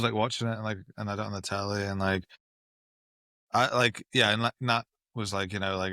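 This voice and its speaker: A man with a fairly low voice and a bright, forceful tone, recorded dry. He talks hesitantly in relaxed podcast chat, leaning on fillers. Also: smooth, no echo. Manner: hesitant, filler-heavy talker. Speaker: podcast co-host. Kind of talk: casual chat.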